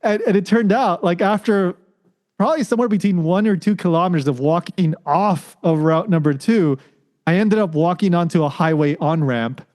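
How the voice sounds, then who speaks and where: A man from the United States, a podcast guest telling a story in casual chat and acting out the voices of the people he met. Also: normal speed. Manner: animated, acts out quoted voices with rising pitch.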